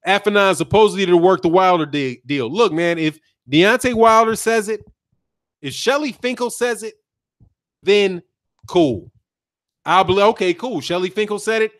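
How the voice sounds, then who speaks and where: Animated high-voiced man ranting on a live stream. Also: measured pace, long pauses, dry recording, clean studio sound. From United States. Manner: animated, slangy, laughs often, repeats himself. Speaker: boxing channel host. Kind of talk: live-stream commentary reading chat.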